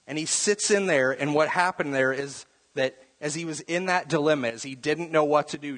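Male preacher, slightly high voice, conversational sermon, repeats words, acts out quotes, long reverb. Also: normal speed, hardly any pauses, a bit bright.

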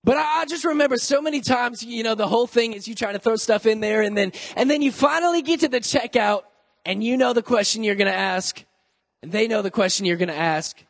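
Young male youth pastor, high voice with a gravelly edge, energetic, joking sermon. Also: moderate pace, in a large hall.

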